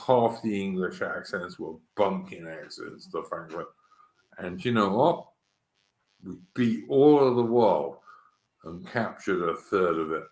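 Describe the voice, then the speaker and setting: A man's voice: low-pitched, reverberant, rough recording. A man hosting a casual chat, blunt and matey, swearing freely. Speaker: host.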